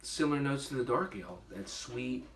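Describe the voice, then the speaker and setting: Fairly quick and lively in intonation, a man's mid-range voice carries through a casual vlog where he tastes and reviews his homebrewed beer. He rambles with lots of fillers and jokes at his own expense. He's far from the mic, so the recording is roomy and noisy.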